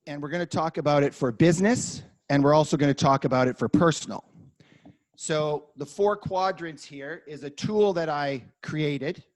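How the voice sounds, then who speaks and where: A man coaching a workshop, energetic and acting out client conversations as examples. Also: on the high side, normal speed. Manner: energetic, acts out dialogue examples.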